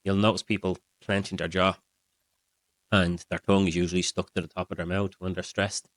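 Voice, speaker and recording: A middle-aged man, a mindset coach, calmly explaining breathing and relaxation to his viewers in a steady way. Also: sits low, brisk, no room sound. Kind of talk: explaining to camera.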